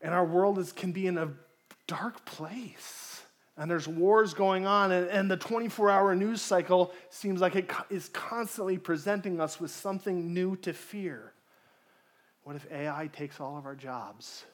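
Preaching in a conversational style, this pastor poses questions to the congregation and voices people's inner thoughts. He has a high voice and speaks at a moderate pace.

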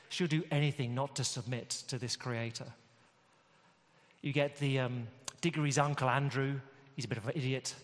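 A man preaching a sermon, enthusiastic and storytelling, often pausing with fillers as he gathers thoughts. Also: medium pitch. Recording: long hall reverb.

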